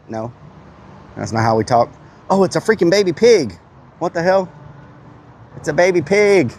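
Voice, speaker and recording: Broadcasting live from an outdoor petting zoo, this host teases the animals in a goofy way and bleats back at them during casual chatter. His voice sits a little high and sounds animated yet a little mellow, moving at a moderate pace with frequent pauses.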